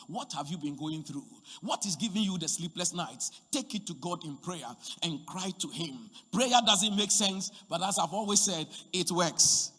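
A man preaching a sermon as pastor, swinging from shouted appeals to hushed, near-whispered lines. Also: on the high side, expressive, moderate pace, breathy edge. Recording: long hall reverb.

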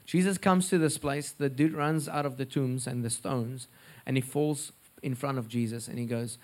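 A man with a South African accent preaching a sermon, telling stories in an earnest, expressive way. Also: mid-range voice, normal speed.

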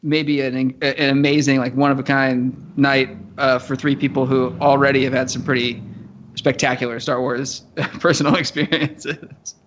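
Laughing podcast co-host on a dull line. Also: male voice, mid-range voice, little pitch movement, moderate pace, a bit bright, a little hiss or hum. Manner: laughing, stammering, easygoing. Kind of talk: casual podcast chat.

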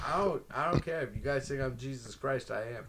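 A man's voice: mid-range voice, brisk, a bit bright. A man co-hosting a podcast, making crude, provocative jokes in mock-serious banter. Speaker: podcast co-host. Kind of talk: joking banter among friends.

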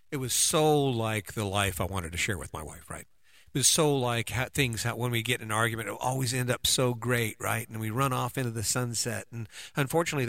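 Middle-aged guy, relationship coach, punchy bright voice, dry close sound, keeps saying "right?". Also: mid-range voice, no echo. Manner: conversational, keeps asking "right?". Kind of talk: motivational talk.

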